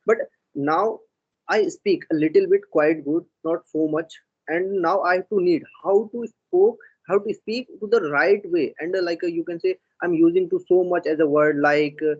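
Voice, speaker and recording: A man with an Indian accent, an English learner in conversation practice, talking haltingly in broken English full of fillers. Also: high-pitched, husky, muffled recording.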